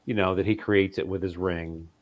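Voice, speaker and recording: Low voiced american guy rambling on a geek podcast, lots of fillers. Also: fairly even intonation, moderate pace. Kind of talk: casual chat.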